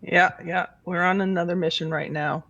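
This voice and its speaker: Higher-voiced man, dry tabletop player. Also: steady tone, normal speed, pushed and bright, dull audio. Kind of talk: casual tabletop play.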